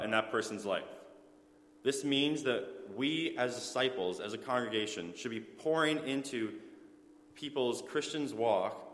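A man's voice: medium pitch, fairly bright tone, slight background noise. Earnest man preaching in an echoey hall. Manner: earnest, with fillers and self-corrections. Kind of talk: sermon. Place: church.

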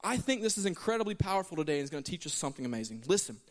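A male pastor preaching in a church, his fairly high voice swinging widely up and down as he tells stories and acts out what people say. A long hall reverb trails behind his words. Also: rapid-fire. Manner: animated storytelling, acting out quoted lines. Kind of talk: sermon. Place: church sanctuary.

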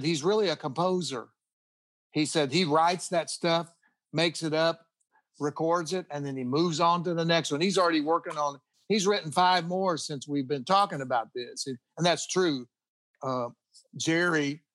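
A middle-aged man spins loose, rambling stories with restarts and little chuckles, as a guest in a relaxed chat. His voice sits a touch high for a man. The sound is dry and close, with no room around it. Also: no room sound. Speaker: guest guitarist. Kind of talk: casual storytelling interview.

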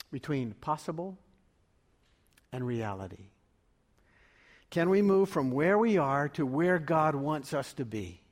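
A man delivering a sermon as pastor, measured and full of rhetorical questions. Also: mid-range voice. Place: church sanctuary. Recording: long reverb of a large room.

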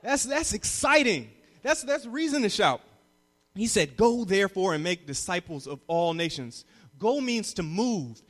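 A young man preaching a sermon as a youth pastor, moving from calm teaching to loud call-and-response. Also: high voice, measured pace. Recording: long reverb of a hall.

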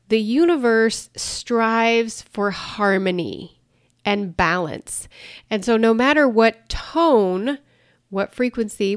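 A woman's voice: mid-range voice, smooth, no echo, clean studio sound. A woman teaching about the law of attraction, explaining earnestly with everyday examples and light laughs. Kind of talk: explanatory talk to camera.

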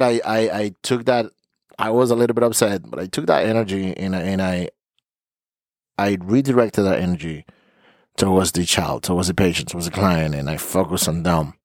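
Low-ish guy voice, dry close sound, earnest therapist podcast host, kinda emotional, repeats himself a lot. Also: no room sound. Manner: earnest, emotional, repeats words while searching for them. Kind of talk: heartfelt podcast monologue.

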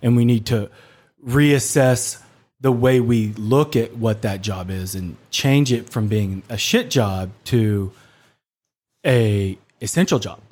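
A man's voice: on the low side, takes it slowly, darkish tone. A man co-hosting a casual podcast, ranting bluntly and swearing freely. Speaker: podcast co-host.

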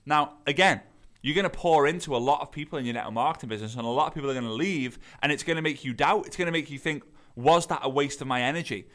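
A man's voice: a little high, rapid-fire, a bit bright. Chatty male podcast host telling stories. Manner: conversational, storytelling with many fillers and restarts. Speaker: podcast host, network marketing coach. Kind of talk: casual podcast monologue.

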